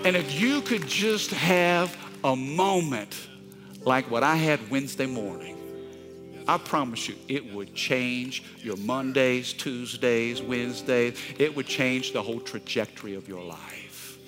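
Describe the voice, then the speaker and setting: A middle-aged man, a pastor, preaching a sermon with emotional, animated storytelling and touches of humor. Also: medium pitch, measured pace, over music.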